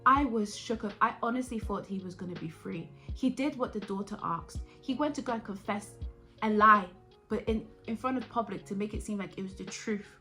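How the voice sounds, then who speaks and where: Bright-voiced young woman chatting. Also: mid-range voice, fairly quick, faint music behind. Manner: chatty and animated, acts out her own reactions. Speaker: vlogger reviewing a TV series. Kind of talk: casual chat to camera.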